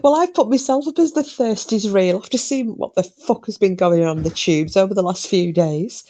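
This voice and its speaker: Woman, live-stream host, gossipy and sweary, mid-pitched casual chat. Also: moderate pace, warm tone, lo-fi sound.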